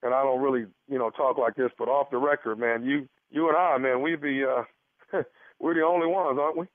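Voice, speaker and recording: A man making a prank radio phone call in a teasing, sly, drawn-out way. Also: mid-range voice, steady tone, dry recording. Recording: tinny phone line, dry.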